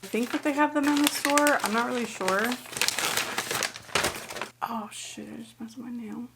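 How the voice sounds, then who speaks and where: A young woman chatting casually as a book vlogger, gushing and filling her talk with "like", sometimes dropping to a soft near-whisper. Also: fairly high pitch, moderate pace, heavy background noise. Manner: gushing, chatty, many "like" fillers. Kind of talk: casual chat.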